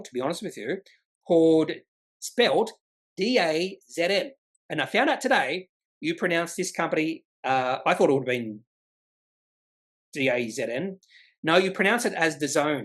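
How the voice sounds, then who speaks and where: A man talks through the day's market news in a loose, rambling way. His voice sits a touch higher than most men's. He fills the gaps with asides and fillers as he goes. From Australia. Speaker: stock market video host. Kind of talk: casual market commentary.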